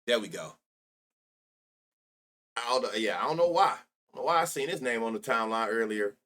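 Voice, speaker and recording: A man's voice: mid-range voice, lively intonation, fairly quick, pushed and bright. Young man, rambling livestream talk, profane, laughs a lot. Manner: rambling, profane, laughs often, talks to chat. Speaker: sports betting streamer. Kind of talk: live-stream casual chat.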